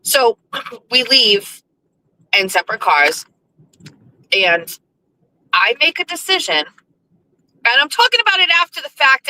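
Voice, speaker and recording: A woman's voice: medium pitch, bright, forceful tone, rough recording. A woman hosting a show, telling a casual story in a chatty, profane way full of fillers. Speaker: radio show host.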